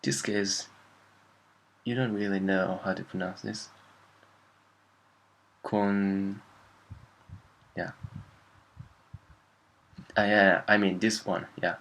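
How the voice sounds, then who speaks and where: A man's voice: sits low, flat delivery, takes it slowly, long pauses, fairly bright tone, poor audio. A man with a Japanese accent teaching a casual language lesson, thinking aloud and often stopping to correct himself.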